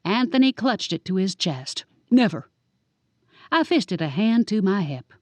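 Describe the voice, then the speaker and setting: A woman narrating a first-person audiobook in a lively, wry storytelling manner. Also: medium pitch, moderate pace, dry recording. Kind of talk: scripted narration.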